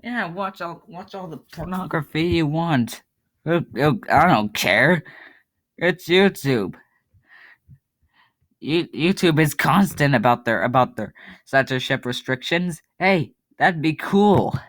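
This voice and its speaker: A man talks through a web game in loose, rambling commentary, poking fun at himself. His pitch swings up and down a lot, and he takes his time with every thought. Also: expressive, slow, fairly bright tone. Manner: rambling, self-mocking, breaks into laughter. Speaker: YouTuber playing a web game. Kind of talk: casual commentary.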